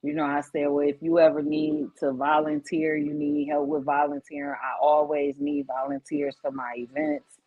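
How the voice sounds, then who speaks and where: A woman's voice: low-pitched, moderate pace, no echo. Emotional woman telling stories, lo-fi sound. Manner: emotional storytelling, animated quoting of others. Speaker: guest, founder of inclusion nonprofit. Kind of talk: casual live-stream interview. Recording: dull lo-fi stream audio.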